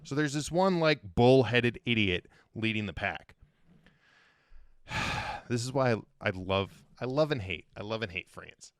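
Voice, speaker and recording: A man's voice: mid-range voice, measured pace, no room sound, studio quality. A man telling a funny story as a podcast guest, swearing and joking casually. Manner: animated, profane, joking.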